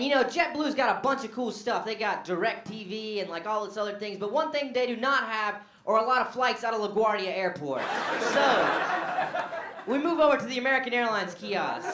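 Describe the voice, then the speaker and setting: Animated young man doing stand-up in an echoey club. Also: high-pitched. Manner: animated, swings from quick mutters to loud bursts. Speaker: stand-up comedian. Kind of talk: stand-up storytelling. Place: comedy club stage. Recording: echoey, noisy club recording.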